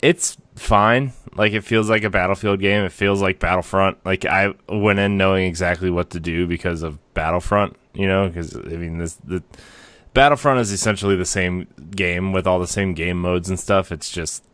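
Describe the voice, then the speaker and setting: A man's voice: deep voice, fairly even intonation, normal speed, fairly bright tone, smooth, no echo. A man co-hosting a gaming podcast, talking casually with hesitant, rambling starts and fillers. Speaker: podcast co-host.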